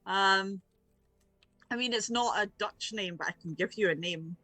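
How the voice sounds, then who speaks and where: A woman's voice: mid-range voice, unhurried, pushed and bright, no room sound. A woman running a tabletop role-playing game as game master, talking casually with plenty of fillers.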